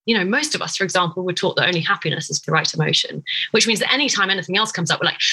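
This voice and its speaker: A woman's voice: lowish voice, rapid-fire, few pauses, breathy edge, low-quality recording. A woman, a clinical psychologist, explaining her ideas in a podcast interview and acting out everyday examples as she goes. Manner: warm, expressive explainer, acts out examples.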